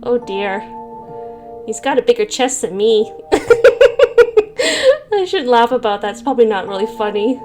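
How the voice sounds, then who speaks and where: A woman's voice: fairly high pitch, moderate pace, long pauses, darkish tone, faint music behind. A woman hosting a gaming video, reading a visual novel aloud and breaking off into giggly, self-mocking asides. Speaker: gaming channel host.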